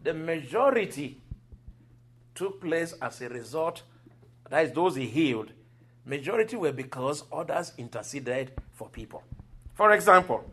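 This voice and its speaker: A man preaching a sermon, telling scripture stories with lively acted-out quotes and occasional laughter. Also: a little high, measured pace, pauses often, slightly rough. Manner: animated storytelling, acting out quoted voices and laughing.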